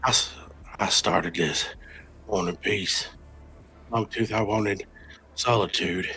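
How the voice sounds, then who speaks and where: A man voicing a weary, grief-stricken male vampire who strains and breaks into shouts. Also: fairly low pitch, takes it slowly, a little hiss or hum, heavily acted, low-quality recording.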